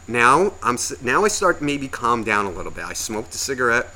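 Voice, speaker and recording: A man's voice: medium pitch, big pitch swings, moderate pace, sharp tone. A man co-hosting a podcast, telling a long story in a profane, exasperated, ranting way. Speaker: podcast co-host.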